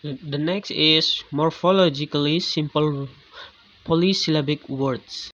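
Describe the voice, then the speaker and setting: A man's voice: fairly high pitch, fairly even intonation, a little slow, a bit bright. A man reading a lesson on English word stress aloud, with frequent restarts on words. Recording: dull lo-fi recording.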